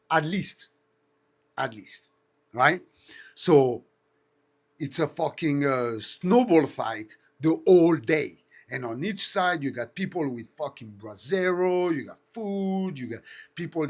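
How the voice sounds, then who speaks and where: A man with a French accent chats loosely on a live stream, his voice sitting a touch high for a man. He swears freely and breaks into mimicked engine and turbo sounds as he tells his stories. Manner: animated storyteller, swears often, imitates engine noises. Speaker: host. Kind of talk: casual live-stream chat.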